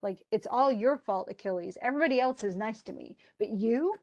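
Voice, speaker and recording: A woman's voice: fairly high pitch, expressive, a little fast, a little mellow, lo-fi sound. A woman voicing a greedy, petulant male king in a casual, exasperated retelling voice. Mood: indignant.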